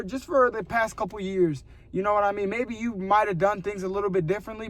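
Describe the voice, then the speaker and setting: A young man in a casual motivational rant to camera, rambling and earnest, full of "bro" and "you know", dropping to a weary, lower voice when he quotes himself talking to God. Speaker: vlogger.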